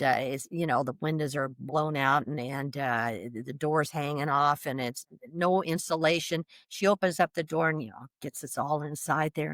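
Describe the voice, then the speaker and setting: A woman guest vividly retelling a personal experience, animated, with restarts and laughs. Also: low-pitched, creaky, no room sound, studio quality. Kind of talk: personal storytelling.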